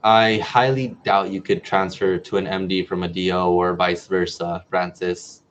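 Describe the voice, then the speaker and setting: A man's voice: low-pitched, level tone, measured pace. Chatty young man on a lo-fi livestream. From New Mexico, US. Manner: chatty, reads viewer comments aloud and answers them. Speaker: medical student livestream host. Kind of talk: casual livestream Q&A. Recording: dull lo-fi livestream audio.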